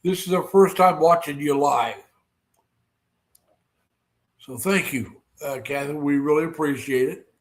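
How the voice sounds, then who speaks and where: A man hosts a casual livestream, rambling along and calling out viewers by name. His voice sits a little high for a man, and his talk is full of fillers and restarts. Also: measured pace, pauses often. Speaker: livestream host.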